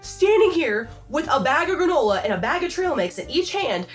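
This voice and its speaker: Exasperated young woman ranting, slightly high. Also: brisk, faint music behind. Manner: exasperated, animated, heavy use of "like". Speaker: vlogger. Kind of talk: comedic storytime rant.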